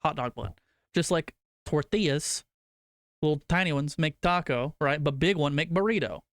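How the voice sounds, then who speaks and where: A man's voice: on the high side, normal speed, fairly bright tone, dry recording, clean studio sound. A young adult man streaming, chatting loosely with his chat, swearing casually and arguing food opinions in a rambling way.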